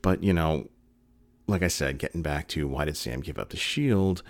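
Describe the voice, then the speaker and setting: A man's voice: extremely low pitch, normal speed, dry recording. A man talking casually in video commentary, earnest and rambling with many fillers and restarts, sometimes choked up. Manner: emotional, getting choked up.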